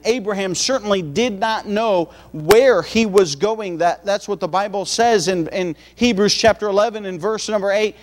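A man's voice: high-pitched, moderate pace, hardly any pauses. A man preaching a sermon in a folksy, conversational way, a missionary preacher mixing scripture with homespun everyday asides.

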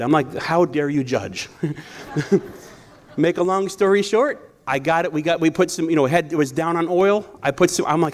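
A man preaching a sermon in a conversational storytelling way, often restarting his sentences. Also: fairly high pitch. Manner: conversational, storytelling, self-correcting. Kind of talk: sermon with personal stories.

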